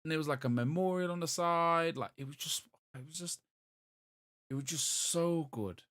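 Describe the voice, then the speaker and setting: A man, co-hosting a podcast in casual, excitable chat full of swearing and restarts. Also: a little high, normal speed, no room sound. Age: 30s. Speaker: podcast co-host.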